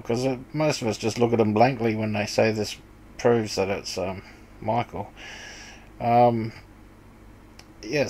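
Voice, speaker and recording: A man's voice: lowish voice, darkish tone, rough recording. A man casually explaining Bible passages over a screen share, hesitant and full of ums and restarts. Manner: plain, conversational explaining. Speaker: Bible study video maker.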